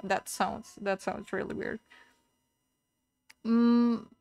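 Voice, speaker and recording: A woman's voice: fairly high pitch, steady tone, drawn-out words, creaky, darkish tone. A young woman streaming a video game, chatting casually with her viewers, playful and giggling at her own wordplay. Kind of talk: casual live-stream chat while gaming.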